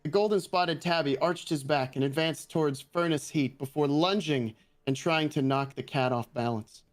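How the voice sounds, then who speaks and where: A man's voice: fairly high pitch, moderate pace. A man, a guest reader, reading a fan roleplay aloud with many hesitations. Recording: faint music behind.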